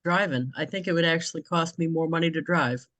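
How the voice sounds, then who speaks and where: A woman from New England hosts a relaxed chat over a video call. Her voice sits a bit low and sounds close and dry. She talks freely and laughs often. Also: quick pace, no echo. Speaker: host. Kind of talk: casual chat.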